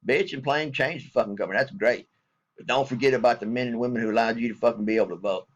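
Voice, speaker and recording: Veteran guy, mid-pitched, blunt and profane vlog rant. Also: fast talker, highs cut off. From Southern United States. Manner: blunt, angry and heavily profane. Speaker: military veteran.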